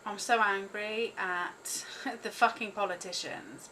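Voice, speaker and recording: A woman's voice: medium pitch, steady tone, slow, bright, forceful tone, slight background noise, rough recording. A woman guiding listeners through a tapping exercise, repeating short prompts between the tapping points, swearing freely and laughing at herself. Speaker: host leading a tapping exercise. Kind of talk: guided tapping session, casual and profane.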